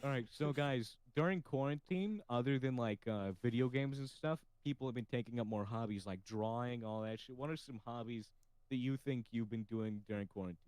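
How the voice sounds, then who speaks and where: A man's voice: mid-range voice, a little fast, darkish tone, clear, resonant tone, no room sound, poor audio. A man hosting a casual podcast chat, with a slightly nasal voice, who talks freely, swears casually and laughs often. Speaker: podcast host.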